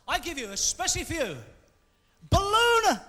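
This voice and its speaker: A man's voice: extremely high pitch, very animated, unhurried. A man performing a live stand-up routine on a large theatre stage, bantering cheekily with the audience. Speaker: stand-up comedian. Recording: live theatre recording, echoey hall, loud crowd and noise. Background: audience laughing.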